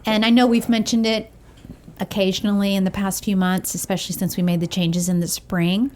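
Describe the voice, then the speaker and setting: A woman's voice: mid-range voice, flat delivery, fairly quick, darkish tone, a little hiss or hum. A woman in her thirties co-hosting a parenting podcast, chatting casually, giggling often and thinking things through. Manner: giggly, thoughtful. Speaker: podcast co-host. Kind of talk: casual chat.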